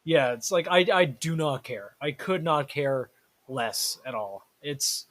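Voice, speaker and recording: A man's voice: mid-range voice, lively intonation, slow pace, a bit bright. A young man co-hosting a podcast in casual chat, agreeable and hesitant, often trailing off with "I don't know.". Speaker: podcast co-host.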